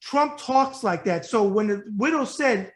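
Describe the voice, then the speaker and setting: A male web show host from New York asks his guest questions. He talks fast and bluntly in a high voice and repeats his points for emphasis. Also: expressive. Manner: blunt, rapid, emphatic and repetitive. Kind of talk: casual interview.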